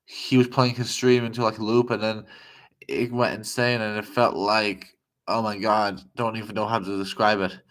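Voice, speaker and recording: A man from the United States chatting casually to viewers on a live stream, rambling and excitable. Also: on the low side, normal speed.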